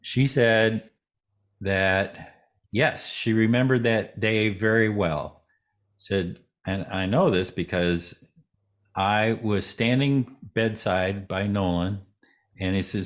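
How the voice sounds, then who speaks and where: A man, a guest in an interview, telling a story in a relaxed way and acting out the voices of the people in it. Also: fairly low pitch, slow.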